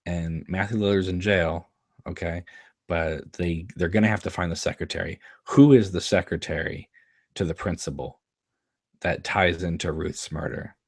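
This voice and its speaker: Very low-voiced man chatting over an episode. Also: fairly even intonation, normal speed, no echo, clean studio sound. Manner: chatty, laughs often, quotes lines from the scene. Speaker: show host commenting on an episode. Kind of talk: casual watchalong commentary.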